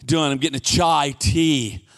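A middle-aged man preaching a sermon in a fairly high voice. He tells his stories with plenty of animation, and he raises his voice to a shout to drive a point home. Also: a little slow. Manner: animated storytelling, shouts for emphasis. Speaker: pastor.

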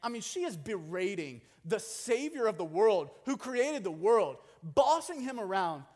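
A young man preaching a sermon in a conversational, animated way with jokey asides. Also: sits high, unhurried. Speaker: pastor. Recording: long hall reverb.

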